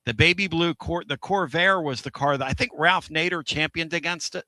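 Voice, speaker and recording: Radio host guy, loud and bright, rambly and excited, dry close mic. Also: on the high side, normal speed, dry recording. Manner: energetic, rambling, laughs often. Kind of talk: excitable sports radio chat.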